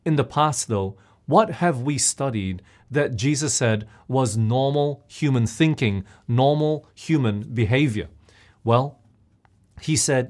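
A man's voice: mid-range voice, takes it slowly, a little mellow. Man preaching a questioning sermon. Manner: asks the listeners questions often.

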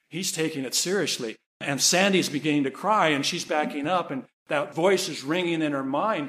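Earnest, high-voiced man preaching a sermon. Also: moderate pace, few pauses, fairly bright tone. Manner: earnest, rising to pleading emphasis. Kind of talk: sermon with storytelling.

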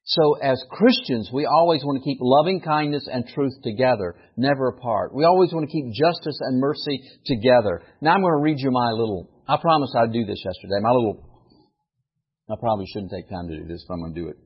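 A man preaching a sermon with animated delivery that rises to emphatic peaks. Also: medium pitch, fairly quick, breathy edge, highs cut off. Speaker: pastor.

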